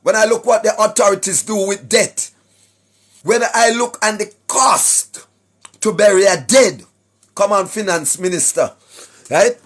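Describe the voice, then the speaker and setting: A Jamaican man addresses his online viewers in a preachy, sing-song way, firing rhetorical questions and clearing his throat between points. His voice sits very high and sounds husky, and he takes his time over each phrase. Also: measured pace, fairly bright tone. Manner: sing-song rhetorical delivery, keeps asking "right?", clears throat often. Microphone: speaking straight to a camera or phone.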